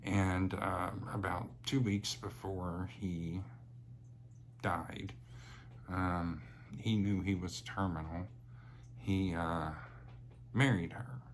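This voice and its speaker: A man's voice: low-pitched, fairly even intonation, very slow, long pauses, a little hiss or hum. A young man telling personal stories in a chatty, rambling way, with many fillers and laughs. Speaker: vlogger. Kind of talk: casual personal storytelling.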